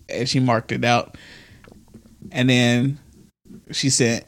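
Animated man telling stories on a podcast. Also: mid-range voice, slow, long pauses. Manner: animated storytelling, reads texts aloud, laughs often. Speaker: podcast co-host. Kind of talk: casual explicit podcast banter.

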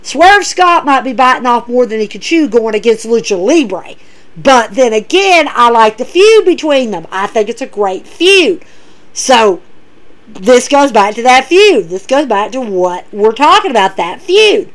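A woman with a high voice that swoops up and down, recapping wrestling shows. She talks in an excitable, animated way and retells the quoted lines as she goes. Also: unhurried, poor audio. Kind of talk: casual recap commentary.

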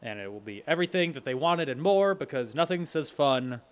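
Lively, joking young man recapping. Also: on the high side, a little fast. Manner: joking, dry sarcasm. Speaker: podcast co-host. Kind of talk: casual chat.

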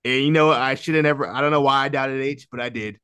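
Excitable man on a podcast, dry sound. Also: medium pitch, fast talker, smooth, no room sound. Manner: excited, laughing, swearing, acts out quotes. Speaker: podcast co-host. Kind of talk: casual chat.

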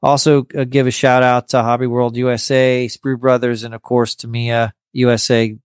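A man hosting a hobby podcast, talking in a loose, casual way that keeps stalling on stammered restarts. His voice is smooth and clean, and the recording is dry and close, with no room sound. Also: mid-range voice, little pitch movement, no echo. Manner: halting, with many stammered restarts. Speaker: podcast host.

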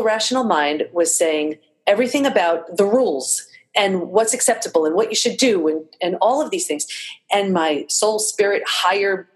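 A woman being interviewed, explaining her ideas earnestly with images and examples. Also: fairly low pitch. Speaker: guest, researcher of women. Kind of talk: reflective interview talk.

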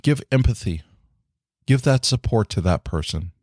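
A man's voice: fairly low pitch, expressive, moderate pace, a little mellow, slightly rough, no room sound, clean studio sound. A man hosting his own podcast in casual solo talk, earnest and encouraging, with many fillers like "you know.". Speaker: podcast host.

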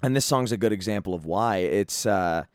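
A man's voice: on the low side, normal speed, clean tone, no room sound, clean studio sound. A man hosting a solo podcast, reviewing an album in a rambling, casual way with lots of fillers and free swearing. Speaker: podcast host.

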